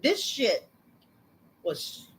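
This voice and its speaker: A woman hosting a wrestling review, ranting angrily with constant swearing and bursts of shouting. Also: very slow. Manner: angry, swearing, repeating insults.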